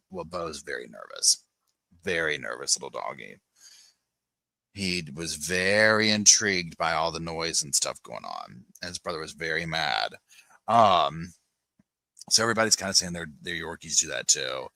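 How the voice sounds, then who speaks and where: Guy doing a live chat from his couch, deep but bright voice, rambly, says "like" a ton. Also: very animated, moderate pace, gravelly, no room sound. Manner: rambling, chatty, lots of "like" fillers, greets chatters by name. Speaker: podcast host. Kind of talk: casual live-stream chat with viewers. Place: home, on a sofa with dogs nearby.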